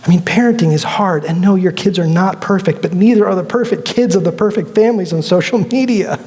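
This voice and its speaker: A man with a high voice preaches from the pulpit of a church, his words carrying a long reverb through the hall. He talks in a loose, conversational way and slips into acted quotes while telling stories. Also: fairly quick, darkish tone. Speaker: pastor. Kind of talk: sermon. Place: church sanctuary.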